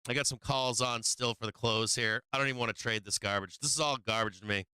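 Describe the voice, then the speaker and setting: A man's voice: medium pitch, fast, bright, forceful tone, clear, resonant tone, no echo. A man hosting a live trading stream, venting and swearing about his trades. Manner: frustrated, swearing, venting, laughing to himself.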